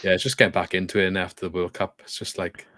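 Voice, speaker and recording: A man hosting a football podcast, chatting casually in loose, relaxed sentences. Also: low-pitched, fast talker, dry recording, studio quality. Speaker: podcast host.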